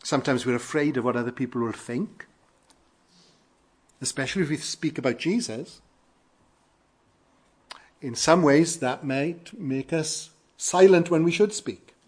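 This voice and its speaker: A man from Wales with a Welsh accent, preaching an earnest sermon with emphatic rises and quiet falls. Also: on the high side, unhurried, pauses often, slightly rough. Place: church in London.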